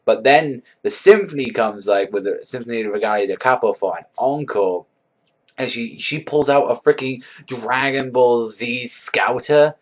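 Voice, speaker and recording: A man's voice: mid-range voice, measured pace. A man giving a casual, rambling anime episode review, swearing often and filling his talk with likes and ums. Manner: rambling, swears a lot, many likes and fillers. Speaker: anime reaction vlogger.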